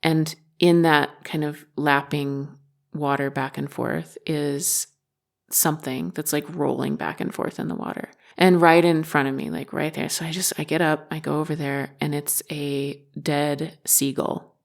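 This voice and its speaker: Podcast host, a woman with a gravelly voice, telling a story candidly and with self-deprecating humor. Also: low voice, level tone, a little slow. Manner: candid, self-mocking, swears freely. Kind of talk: personal storytelling monologue.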